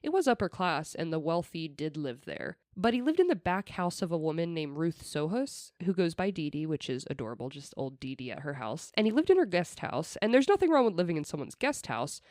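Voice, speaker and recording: Young woman on a podcast, chatty true crime storytelling, lowish voice, dry close mic. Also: sing-song, fairly quick, hardly any pauses, a little mellow, no echo. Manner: chatty, laughing asides. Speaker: podcast host. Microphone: desk mic.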